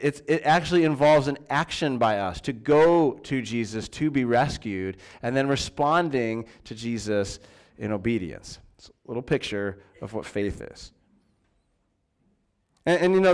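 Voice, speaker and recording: A man's voice: on the high side, a little mellow, smooth. A man preaching a sermon in a church, in a conversational way with fillers and restarts. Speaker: pastor.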